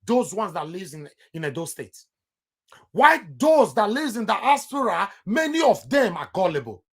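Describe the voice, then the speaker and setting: A man's voice: sits high, big pitch swings, normal speed, breathy edge. A man with a Nigerian accent giving heated political commentary on his vlog, emphatic and repeating himself for stress.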